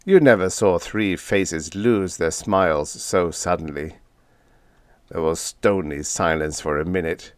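Male audiobook narrator, low voice, lively delivery, dry close sound. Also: unhurried, smooth, dry recording. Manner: expressive, first-person storytelling. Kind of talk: scripted narration of a comic story.

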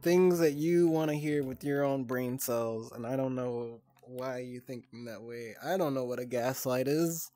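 A man's voice: medium pitch, steady tone, measured pace, few pauses, mellow, no echo, soft background music. A man livestreaming, chatting casually with his viewers, swearing often, laughing easily and getting flustered and teasing in turn. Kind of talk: casual stream chat with viewers.

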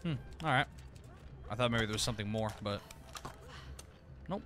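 A man's voice: fairly low pitch, moderate pace, background noise. A man streaming a game, giving casual commentary, laughing often and swearing casually.

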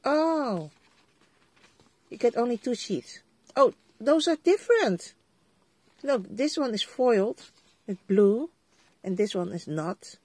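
Slow-talking Dutch woman unboxing a haul. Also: medium pitch, darkish tone, breathy edge, dry recording. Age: middle-aged. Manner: chatty, exclaims over items, talks straight to viewers. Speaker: vlogger. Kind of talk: casual crafting haul unboxing.

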